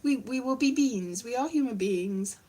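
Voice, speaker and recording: A woman's voice: a little high, moderate pace, dark tone. A woman in a wry, self-deprecating, meandering casual monologue, vlogging with a guitar strummed in the background.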